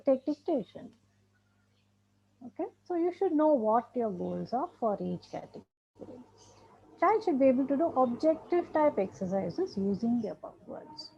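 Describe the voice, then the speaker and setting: Indian English woman trainer, gravelly mellow delivery, dull lecture recording. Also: medium pitch, a little hiss or hum. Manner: emphatic, repeats points, laughs often. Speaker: special education trainer. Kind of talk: lecture to teachers and parents.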